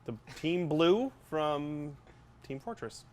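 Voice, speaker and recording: A man's voice: on the high side, animated, slow pace, crowd noise. A man chatting casually as a guest on a livestream, talking through his work in a laid-back way and thinking aloud. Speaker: guest prop maker.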